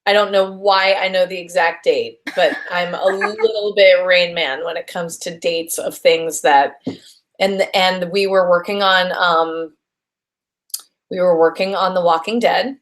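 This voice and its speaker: A woman's voice: lowish voice, steady tone, a little slow. Bubbly woman gushing in casual chat. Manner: bubbly, gushing, lots of fillers and restarts. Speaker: voice actress guest.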